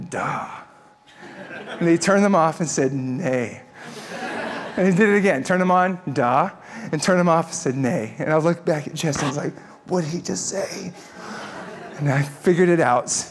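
Male pastor, higher voice, lively humorous storyteller in a sermon. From Texas.

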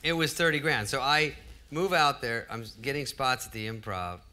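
A man's voice: medium pitch, normal speed, sharp tone. A man in his fifties, a comedian telling wry, self-deprecating stories on stage before a live audience. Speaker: comedian guest. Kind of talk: storytelling on stage. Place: live audience event hall.

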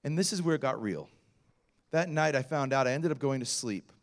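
A man's voice: medium pitch, a little fast. A middle-aged male pastor telling a story in a sermon, acting out the voices of the people in it with big swings of energy. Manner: animated storyteller acting out quotes.

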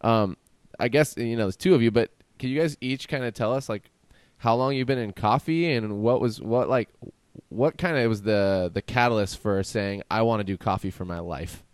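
A man's voice: fairly low pitch, normal speed, smooth, no echo. A man co-hosting a podcast, playful and rambling, often restarting his sentences. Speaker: podcast co-host. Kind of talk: casual chat.

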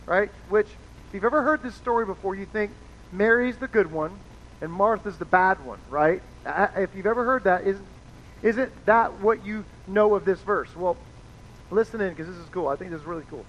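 A man's voice: high-pitched, moderate pace, fairly bright tone. A man preaching a conversational sermon as pastor, casual and chatty, acting out the people he quotes. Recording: dull lo-fi sound with faint noise.

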